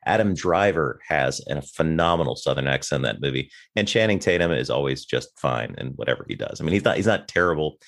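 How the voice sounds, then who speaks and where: A man's voice: rumbling low, animated, brisk, few pauses, fairly bright tone. A man chatting casually on a podcast, giving confident, wry opinions. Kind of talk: casual chat.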